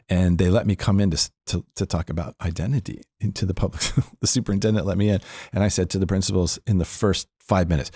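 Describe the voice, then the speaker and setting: A man's voice: low voice, warm tone, no room sound, clean studio sound. An older man speaking as a podcast guest, teaching about faith in an earnest, emphatic way, repeating phrases and laughing between points.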